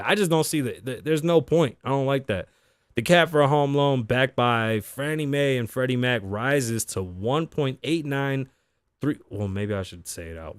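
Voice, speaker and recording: Male show host, mid-pitched, dry close mic, swears a lot and talks bluntly. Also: no echo. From Las Vegas, Nevada (lives there). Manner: blunt, heavy swearing, reads news aloud and riffs. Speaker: podcast host. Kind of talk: casual talk-show commentary, profane.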